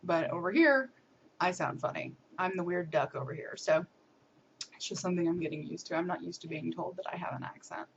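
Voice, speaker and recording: A young American woman vlogs a casual video diary update in a chatty, upbeat way, dropping frequent ums and little laughs. Her voice sits fairly low and moves fairly quickly. The camera audio is muffled and lo-fi, with a slight hiss or hum.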